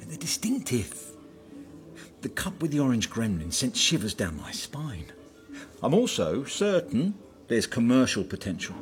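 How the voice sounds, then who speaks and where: A man's voice: mid-range voice, big pitch swings, measured pace, faint music behind. A man playing a jealous ex-husband who talks persistently and wheedles his former wife. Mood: pleading. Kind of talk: film drama dialogue.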